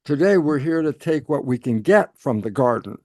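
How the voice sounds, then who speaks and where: A man speaking as an interview guest, explaining in an animated way and answering his own rhetorical questions. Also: on the high side, moderate pace, no echo, clean studio sound.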